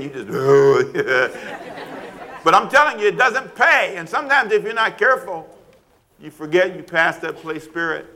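A male pastor preaching a sermon, asking rhetorical questions, laughing between points and acting out quoted scolding. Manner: preaching with wide swings of pitch and loudness, rhetorical questions.

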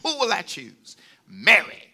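A man's voice: sits high, wildly swooping pitch, a little slow, background noise, full character voice. A man voicing God in a sermon, declaring his plan in emphatic, repeating phrases. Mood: resolute. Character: God, resolute male creator speaking aloud.

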